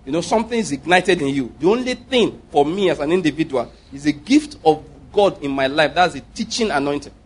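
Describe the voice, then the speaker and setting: Male pastor, fairly high husky voice, rambling humorous sermon style. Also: expressive, brisk, hardly any pauses. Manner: jokey, digressive, repeats himself.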